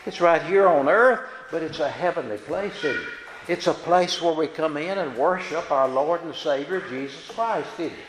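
In a church sanctuary, a man with a fairly high voice preaches a sermon at a normal pace. He's folksy and plain-spoken, often checking in with the congregation through tag questions, and the hall adds an echoey reverb.

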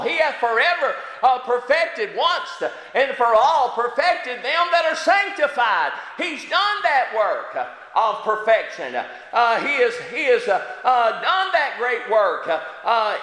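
High, bright-voiced fervent preacher in an echoing hall. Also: male voice. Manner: fervent, punctuated with frequent amens and halting fillers. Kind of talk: sermon. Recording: echoey hall with long reverb.

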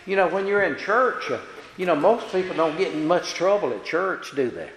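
A man's voice: high-pitched, lively intonation, moderate pace, a little hiss or hum. A man preaching a sermon in a church, folksy and plain-spoken, often checking in with the congregation through tag questions. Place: church sanctuary. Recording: echoey hall reverb.

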